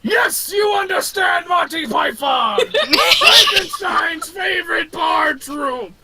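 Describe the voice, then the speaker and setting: A man voicing Frankenstein's monster, a giant, simple-minded male corpse who talks in broken caveman grammar with slow, booming shouts. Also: lively intonation, heavy background noise, full character voice. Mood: delighted.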